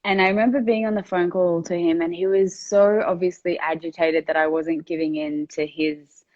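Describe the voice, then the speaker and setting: A woman's voice: lowish voice, fairly even intonation, moderate pace, darkish tone, lo-fi sound. A woman entrepreneur telling a candid, reflective story in an interview, with a conversational style full of fillers. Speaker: entrepreneur guest.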